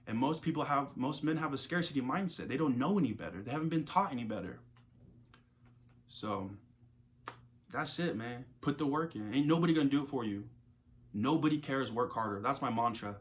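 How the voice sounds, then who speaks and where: A young man talks straight to his viewers, loose and slangy, and he circles back to the same phrases to hammer a point home. His voice sits at an ordinary middle pitch, and the talk is an unscripted motivational pep talk. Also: lively intonation, fairly quick. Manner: casual, slangy, repeats phrases for emphasis. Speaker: self-improvement creator.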